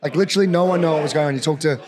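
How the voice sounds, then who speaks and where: A hoarse Australian man with a croaky voice, a mining executive chatting matily as a podcast guest. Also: a little high, a little mellow. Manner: quick, matey, says "mate" often. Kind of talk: casual interview.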